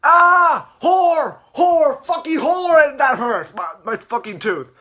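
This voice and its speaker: A man voicing a bratty little boy who whines and screeches at a high pitch. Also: sing-song, fast, a bit bright, slightly rough, heavily acted. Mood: screaming. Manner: shrill, screeching outbursts.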